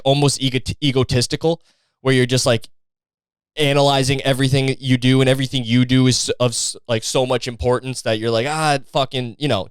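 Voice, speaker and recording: A young Canadian man hosting a podcast, ranting casually with lots of profanity and an animated, rambling delivery, recorded outdoors on a street. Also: medium pitch, clean tone, no echo. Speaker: podcast host. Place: outdoors in a street after a match.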